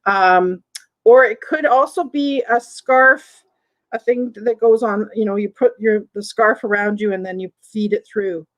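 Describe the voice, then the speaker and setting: A woman's voice: medium pitch, measured pace, poor audio. A woman with a Southern American accent hosting a live online vintage sale in a chatty way, reading viewer comments aloud between descriptions of items. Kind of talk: live-stream sales chat.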